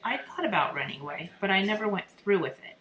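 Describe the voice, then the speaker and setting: A woman's voice: medium pitch, animated, fast talker, lightly acted. A woman reading a storybook aloud and voicing an earnest, slightly sarcastic older brother. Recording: roomy echo, crowd murmur behind.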